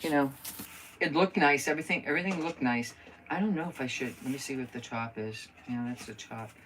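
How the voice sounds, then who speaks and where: A woman's voice: rumbling low, a little fast, a bit bright, far from the mic, a little hiss or hum, low-quality recording. A woman chatting casually on a live crafting stream, thinking aloud as she works and greeting viewers by name.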